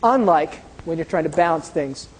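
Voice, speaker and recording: A woman's voice: low voice, lively intonation, normal speed, a little hiss or hum. Woman teacher demonstrating in a reverberant room. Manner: explains while doing hands-on demonstrations, often checking in with "okay?". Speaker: science teacher. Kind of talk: classroom demonstration lecture. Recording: long reverb of a large room.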